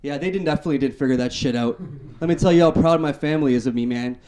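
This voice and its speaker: A man's voice: a little high, very fast, background noise. Young man doing punchy stand-up. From Canada. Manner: punchy one-liner delivery. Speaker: stand-up comedian. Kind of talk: stand-up set.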